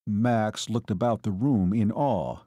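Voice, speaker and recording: A man narrating a novel as an audiobook, in a measured storytelling manner. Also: lowish voice, mellow, no room sound, dull audio. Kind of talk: scripted narration.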